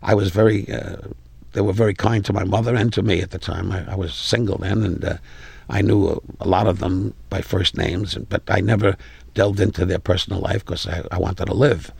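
An older man in his eighties with a New York accent, a comedian telling brash stories in an interview and getting loud at the punchlines. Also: sits low, steady tone, brisk. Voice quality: gravelly. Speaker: comedian guest. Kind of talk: interview anecdotes.

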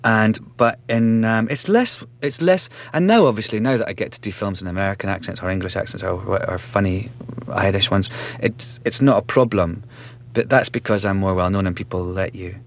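Chatty Scottish man, lowish voice. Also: brisk, few pauses. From Scotland. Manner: chatty and self-mocking, laughs often. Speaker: actor, interview guest. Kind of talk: relaxed interview chat.

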